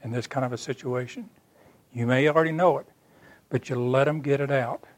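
A man's voice: medium pitch, steady tone, fairly quick, no echo. Dry-voiced, earnest man preaching. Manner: earnest storytelling, acting out dialogue; plainspoken and folksy. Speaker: church speaker. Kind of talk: sermon told as a personal story.

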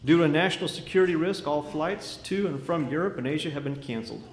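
A man's voice: on the high side, quick pace, a little hiss or hum, natural voice. A man voicing a president who makes a formal, urgent emergency announcement. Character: male president making a grave national announcement. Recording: echoey hall reverb.

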